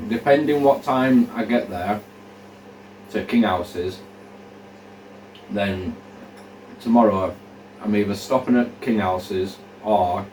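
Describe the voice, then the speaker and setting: A man's voice: low-pitched, darkish tone, far from the mic, slight background noise. A man, a hiker talking casually to camera and thinking aloud with plenty of fillers as he plans his route. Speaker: hiker vlogger. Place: indoors, room where he is drying socks under a fan. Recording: echoey room, voice off-mic.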